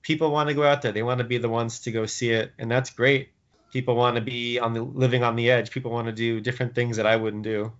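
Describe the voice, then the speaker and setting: A man's voice: medium pitch, flat delivery, fast talker. A man co-hosting a podcast in casual chat, easygoing and musing, with many "you know"s. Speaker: podcast co-host. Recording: dull lo-fi podcast audio.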